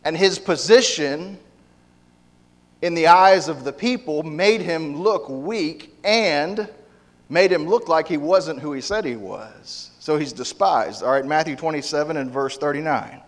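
A male preacher delivers an emphatic sermon, repeating and restarting phrases as he builds his point. His voice sits a little high, and it rings through a large church hall with a long reverb. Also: a little slow. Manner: emphatic, repetitive, with frequent restarts.

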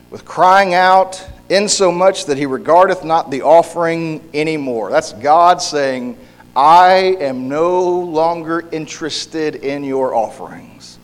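A man preaching a sermon in a conversational way, often repeating words and briefly acting out the people he quotes. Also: fairly high pitch. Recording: hall reverb.

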